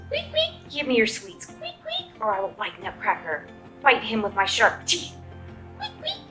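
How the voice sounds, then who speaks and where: A woman voicing a menacing male Mouse King in a storybook reading, breaking into shrill squeaks and hissed threats. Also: huge pitch swings, normal speed, pushed and bright, faint music behind, exaggerated voice.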